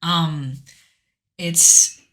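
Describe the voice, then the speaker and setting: Bright-voiced woman recapping a game story. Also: lowish voice, fairly even intonation, very slow. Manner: rambling, earnest, many fillers and restarts. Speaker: podcast co-host. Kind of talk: casual chat recapping a video game story.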